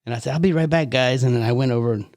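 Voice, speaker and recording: An older man from the United States, a podcast guest telling anecdotes in a lively way, repeating words and laughing often. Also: medium pitch, racing, no echo, clean studio sound. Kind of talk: casual storytelling chat.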